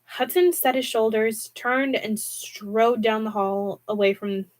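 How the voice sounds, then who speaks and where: A woman reading a horror novel aloud on a stream, dramatic with wide pitch swings and occasional restarts. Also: slow, low-quality recording. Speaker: audiobook reader.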